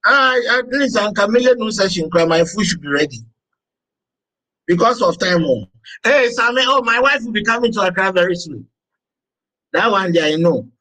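Male teacher, high-pitched, deliberate dictation and joking asides. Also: animated, pushed and bright, rough recording. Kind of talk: teaching session.

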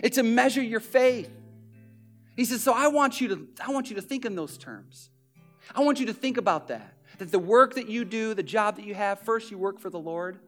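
A man's voice: sits high, expressive, moderate pace, a bit bright, soft background music. A male pastor giving a conversational sermon, often repeating his phrases for emphasis. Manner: conversational preaching with repetitions.

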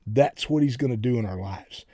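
A middle-aged male pastor delivers an earnest sermon in a warm, mellow voice. He repeats words as he builds his points and lifts his pitch when he declares something. The sound is dry and close. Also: normal speed, no room sound.

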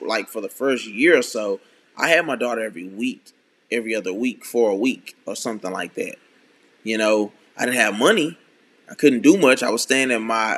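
Earnest man in his thirties, low voice. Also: fairly bright tone. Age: 30s. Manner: earnest, halting, with many restarts and pauses. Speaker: speaker sharing a personal testimony. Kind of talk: candid personal talk.

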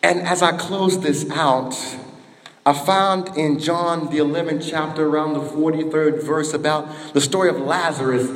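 Man, preacher, high voice, fervent sermon, long hall reverb. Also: fairly even intonation, moderate pace. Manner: fervent call-and-response preaching, rising and falling. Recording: echoey hall.

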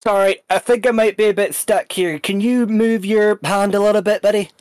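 A player doing a female adventurer in a tabletop game, mock-friendly and menacing, breaking into sworn outbursts. Dry, close sound, with a middle pitch. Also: fairly even intonation, moderate pace, darkish tone, no echo, close to an everyday voice.

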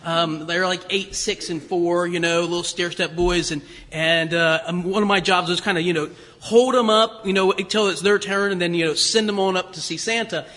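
A man's voice: high-pitched, steady tone, normal speed, pushed and bright. A man preaching a storytelling sermon in a church, chatty and hesitant, full of fillers and restarts. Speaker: pastor. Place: church sanctuary. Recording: long reverb of a church hall.

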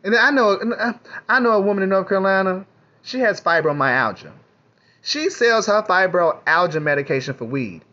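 A man's voice: high voice, expressive, normal speed, sharp tone. A middle-aged man from Kentucky, telling candid, profane stories in a rambling casual monologue. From Kentucky, USA. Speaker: vlogger. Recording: muffled lo-fi audio.

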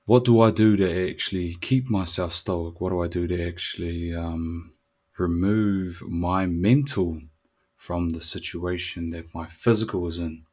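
A man's voice: deep voice, fairly even intonation, measured pace, darkish tone. A man, hosting a solo podcast in a laid-back, slangy way that turns reflective. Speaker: podcast host. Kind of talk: casual solo podcast chat.

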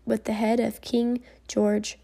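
A woman reading a memoir aloud in a measured storybook manner, dropping to a soft whisper at tense moments. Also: fairly high pitch, flat delivery, vocal fry. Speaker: reader.

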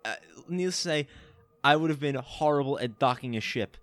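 A young man telling an animated, laughing story in casual chat among friends. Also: on the high side, a little fast, a crowd in the background.

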